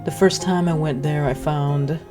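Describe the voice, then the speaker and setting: A woman's voice: deep voice, steady tone, moderate pace, over music, lightly acted. A woman voicing a shy, polite little scarecrow boy from a video game, sounding eager and earnest. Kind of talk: reading game dialogue aloud.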